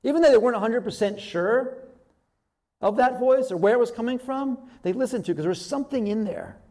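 A man delivers a sermon with a fairly high-pitched voice. He talks in a loose, conversational way, stopping to voice people's inner thoughts and circling back over his own words. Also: brisk. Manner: conversational, animated, with many restarts and acted-out inner thoughts. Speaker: pastor.

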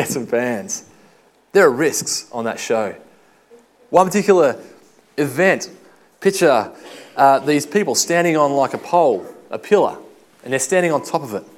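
A man preaching a casual sermon, telling chatty, self-deprecating stories in an animated way. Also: mid-range voice.

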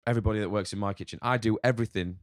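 A man with a northern English accent talks in a very low, deep voice, blunt and full of swearing. He rambles through a casual podcast chat as a chef guest. The sound is dry and close. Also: fairly even intonation, rapid-fire, dry recording. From north of England. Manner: swears a lot, frank and rambling.

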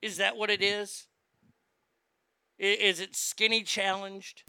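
A man's voice: high-pitched, flat delivery, slow pace, vocal fry, pushed and bright, clear, resonant tone, no echo. A man ranting in a sarcastic, indignant, profane commentary, recorded on a close mic. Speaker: social media commentator.

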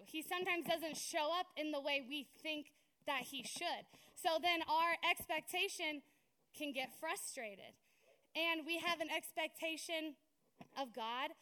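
A woman's voice: high-pitched, pushed and bright. A young woman preaching a sermon in a conversational, storytelling way, often checking in with "right?".

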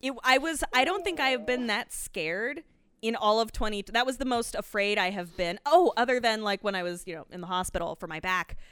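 Young woman podcast host, crisp and bright, dry close mic, lively swearing storyteller. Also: fairly high pitch, a little fast, no echo. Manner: animated, swears freely, acts out her own panicked quotes. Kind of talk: casual storytelling chat.

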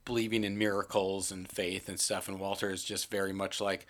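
A man co-hosting a casual film discussion, animated, swearing and acting out quotes. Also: sits low, brisk. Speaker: film podcast co-host.

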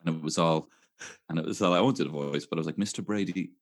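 A man's voice: extremely low pitch, very fast. A man trading playful, giggly banter in casual chat. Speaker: podcast co-host.

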